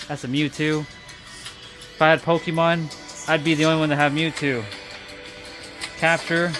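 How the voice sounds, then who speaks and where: Emphatic, casual young man with soft music. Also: fairly high pitch, steady tone, measured pace, pauses often. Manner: loose, emphatic, repeats himself, swears. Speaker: vlogger. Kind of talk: casual chat over photos.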